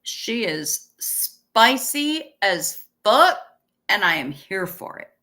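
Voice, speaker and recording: A woman's voice: mid-range voice, very animated, slow pace, sharp tone. A woman in her fifties hosting a casual livestream, chatty and profane as she thanks viewers and answers the chat. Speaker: livestream host reading chat. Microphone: webcam stream setup.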